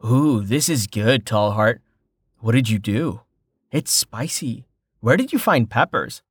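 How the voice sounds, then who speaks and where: A man's voice: mid-range voice, lively intonation, takes it slowly, husky, dry recording, clean studio sound. A male narrator voicing a stubborn, wry young man who protests about his injuries. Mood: cheerful.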